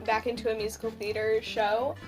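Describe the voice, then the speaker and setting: A woman's voice: fairly high pitch, level tone, brisk, soft background music. A young woman guest in a casual chat, laid-back and slangy with short replies.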